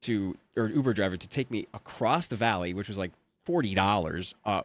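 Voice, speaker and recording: A man's voice: on the low side, lively intonation, fairly quick. A man in his thirties, a voice actor, telling a story in casual chat and acting out his own panicked thoughts. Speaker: voice actor guest.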